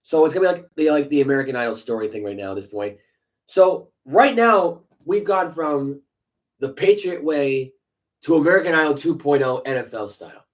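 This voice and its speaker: A man's voice: fairly high pitch, expressive, brisk, poor audio. A man co-hosting a sports podcast, ranting heatedly with profanity and sarcastic rhetorical questions. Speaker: podcast co-host. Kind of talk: casual sports podcast rant.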